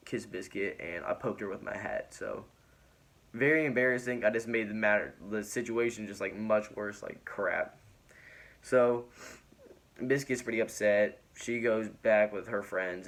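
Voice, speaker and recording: A young man telling a personal story in casual vlog style, rambling with many fillers and laughing often. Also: on the low side. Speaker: vlogger.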